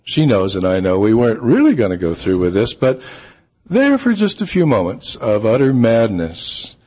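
A man, an author, telling a personal story in a relaxed, unhurried way with frequent pauses and ums. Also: on the low side. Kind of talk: storytelling talk.

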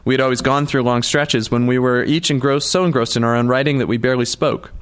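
A man reading a novel aloud in a measured storytelling manner. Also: mid-range voice, steady tone, smooth. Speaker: audiobook narrator. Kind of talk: scripted narration.

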